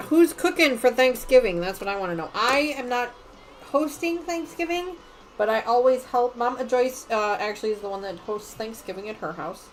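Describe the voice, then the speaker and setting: A woman's voice: on the high side, animated, a little fast, few pauses, slight background noise, rough recording. Chatty middle-aged woman hosting a sewing stream. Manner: chatty and rambling, trails off into quiet muttering while working. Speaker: sewing livestream host. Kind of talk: casual chat while quilting.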